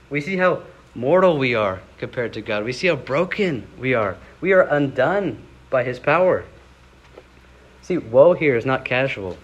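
A man's voice: medium pitch, lively intonation, unhurried, breathy edge, lo-fi sound. A young man giving a sermon in a casual, conversational way, rising into dramatic scripture readings. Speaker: preacher.

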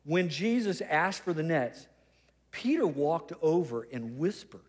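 A man's voice: fairly high pitch, big pitch swings, a little slow, big-room sound. A man preaching a sermon as pastor, conversational and humorous, with teasing asides.

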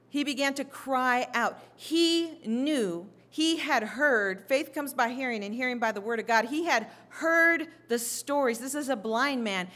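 Fervent woman preacher, rising to shouts. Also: high voice. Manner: builds to impassioned shouting, acts out scripture voices. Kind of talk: sermon.

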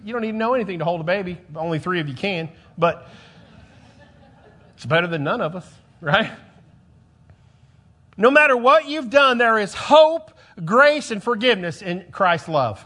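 High-voiced emphatic preaching man. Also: very animated, moderate pace. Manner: emphatic, repeats phrases, swings between loud and soft. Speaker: pastor. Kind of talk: sermon.

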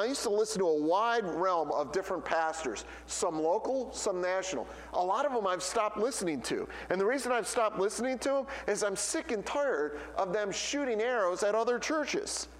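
Preaching from the pulpit, this man has a high-pitched voice that carries the sound of a large room. His sermon is full of stories, and he performs the voices of those he quotes.

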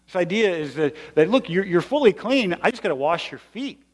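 A man's voice: high voice, big pitch swings, fairly quick. A male pastor giving a sermon in a conversational, explanatory way with emphatic stresses. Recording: long hall reverb.

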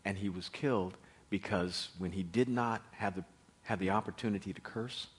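A man preaching a sermon and telling a Bible story in an animated manner, swinging between loud and hushed. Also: low-pitched, normal speed, slightly rough.

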